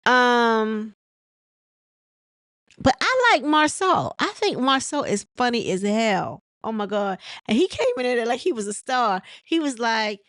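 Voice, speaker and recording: A woman's voice: a little high, sing-song, measured pace, fairly bright tone, dry recording, studio quality. A woman chatting casually as she recaps a reality show episode, rambling with many ums and laughing as she mimics the cast. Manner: many fillers and restarts.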